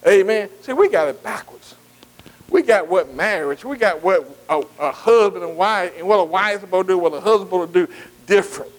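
Pastor, male, high voice, call-and-response preacher who quizzes his congregation from the pulpit. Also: expressive, a little fast, rough recording. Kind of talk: sermon. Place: church.

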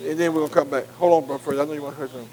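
Racing along in a voice on the high side, with fairly even intonation and a dark tone, a man leads a sermon-style Bible class over poor audio. He speaks earnestly and plainly, prompting call-and-response word fill-ins and checking in with "am I right?" again and again.

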